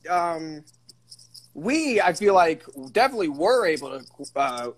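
A man's voice: a little high, big pitch swings, measured pace, rough recording. A man co-hosting a live stream, chatting casually, swearing and laughing along with his guest. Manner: laughing, swearing, eager agreement. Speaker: podcast co-host. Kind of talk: casual comedic chat. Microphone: livestream call.

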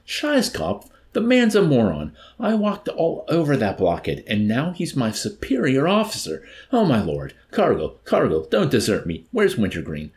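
A vain army general spirals into panic, as a male reader puts him on, his voice pushed high and wailing. The pitch swings widely with each whiny outburst. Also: huge pitch swings, moderate pace, few pauses, a little mellow. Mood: panicked.

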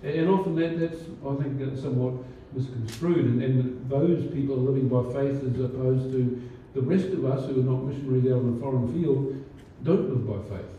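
Mellow-voiced pastor in an echoey hall. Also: male voice, medium pitch, moderate pace, hardly any pauses, a little hiss or hum. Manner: conversational, many fillers and restarts. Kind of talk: sermon. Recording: distant, roomy, dull church recording.

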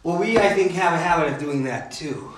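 A man's voice: on the high side, a little fast, echoey room, poor audio. A man preaching a sermon in a conversational way, full of fillers and "right?" asides. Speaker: pastor.

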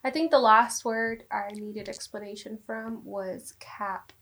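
A woman's voice: medium pitch, fairly even intonation, unhurried, a bit bright. A woman on a podcast, chatting casually, laughing and asking questions. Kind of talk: casual chat.

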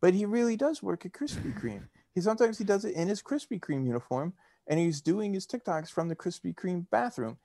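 A man's voice: high-pitched, expressive, fairly quick, creaky, mellow, no echo, clean studio sound. A man co-hosting a podcast, telling stories in a loose, rambling way full of fillers and laughs. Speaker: podcast co-host. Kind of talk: casual chat.

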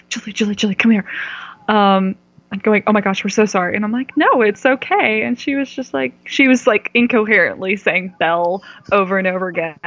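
Woman guest, fry in the voice, candid storyteller who pauses for words; dry, muffled podcast sound. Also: mid-range voice, fairly bright tone, no echo. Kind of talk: casual interview chat. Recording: dull dry podcast audio.

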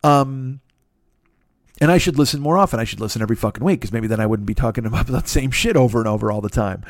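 A man's voice: mid-range voice, fast talker, no room sound, studio quality. A middle-aged man hosting a solo podcast, rambling and profane, with self-deprecating asides. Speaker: podcast host.

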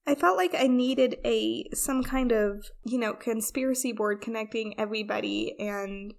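A woman's voice: fairly high pitch, normal speed, vocal fry. A woman co-hosting a casual chat, rambling and self-deprecating, with frequent restarts. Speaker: podcast co-host.

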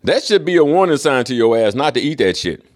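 Male podcast host, solo casual monologue, mid-pitched voice, profane and emphatic. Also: sing-song, brisk.

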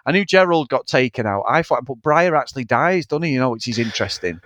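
A man's voice: mid-range voice, fast, no room sound. A man co-hosting a casual film review podcast, talking in a sweary, mocking way. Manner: sweary, animated, mocking impressions. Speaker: podcast co-host.

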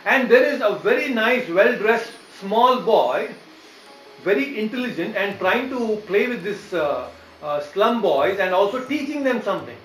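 A man's voice: high-pitched, expressive, measured pace, fairly bright tone, soft background music. A man giving a devotional lecture, explaining patiently and often checking in with his listeners. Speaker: preacher. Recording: echoey room with faint ambience.

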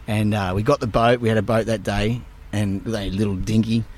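A man, a guest telling surf stories in casual, animated talk full of swearing. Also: on the low side, fairly quick. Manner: animated, swears a lot, relives moments with voices. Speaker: guest surfer. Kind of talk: casual storytelling.

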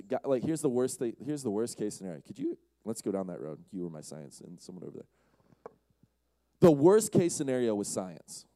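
A man's voice: mid-range voice, warm tone, no echo. A man giving a casual, conversational sermon to a live audience, often asking the crowd questions and acting out quotes. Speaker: youth speaker.

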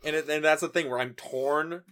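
A man's voice: on the high side, steady tone, a little fast, a bit bright. A man hosting a podcast, talking about a film in a casual, rambling way with lots of fillers and swearing. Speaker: podcast host.

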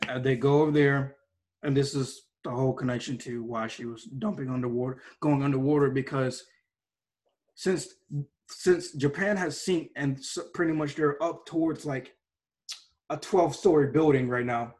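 A man's voice: medium pitch, normal speed, a little mellow. A man casually reviewing anime episodes with a co-host, rambling and restarting his sentences often. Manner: rambling, hesitant, many restarts and fillers.

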